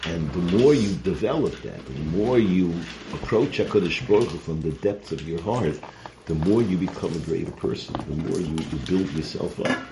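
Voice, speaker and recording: A man's voice: low-pitched, lively intonation, moderate pace. A man teaching a weekly Torah portion class, earnest and explanatory, often restarting and repeating his words. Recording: noisy recording.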